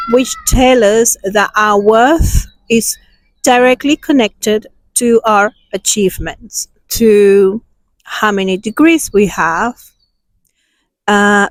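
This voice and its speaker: A self-healing channel host, recorded outdoors with passers-by around, guides a meditation and then speaks emphatically about inner awareness. Her delivery is slow, soothing and emphatic, in a mid-range voice with no room sound, but the recording is rough.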